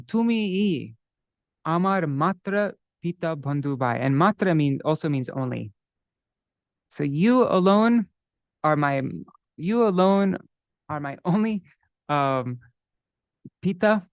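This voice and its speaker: A man leads a class on a devotional song, taking it slowly and explaining each word. He pauses to check a dictionary and chants scripture verses in a measured way. His voice is recorded close and dry. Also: a little high, no room sound. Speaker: teacher of devotional song texts.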